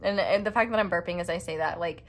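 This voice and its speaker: Rambling woman tarot reader with a lower voice, casual and self-mocking, talking straight to her viewers. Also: fast. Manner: chatty and rambling, full of "like" fillers; playful, self-mocking asides. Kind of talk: casual pick-a-card tarot reading.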